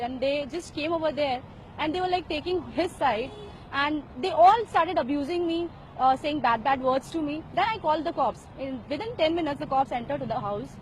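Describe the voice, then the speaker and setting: A young woman with an Indian English accent and a high voice tells her story. She speaks emphatically and haltingly, restarting her phrases again and again. Faint background noise sits under her voice. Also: rough recording. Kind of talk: recounting a personal incident.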